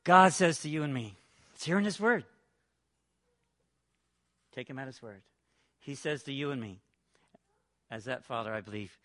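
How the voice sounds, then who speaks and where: A man preaching a sermon, retelling a parable with dramatic swings between loud and hushed delivery. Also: mid-range voice, normal speed, long pauses.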